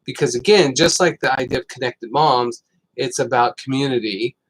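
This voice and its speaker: A middle-aged man hosts a casual health chat, rambling through stories with many fillers. His voice sits at an ordinary mid pitch. He gets lively when he tells a story. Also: normal speed, rough recording. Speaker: host.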